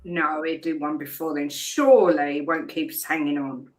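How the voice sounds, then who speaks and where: A man's voice: fairly high pitch, fairly even intonation, normal speed, poor audio. A man on a football fan panel, jokey and easygoing. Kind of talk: casual fan show chat.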